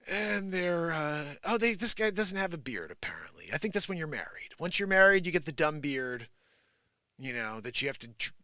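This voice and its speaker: A man's voice: fairly high pitch, pushed and bright, no echo, studio quality. A man hosting a live show, riffing on news stories with giggles and rambling asides. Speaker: live comedy show host. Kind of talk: improvised comedy news riff.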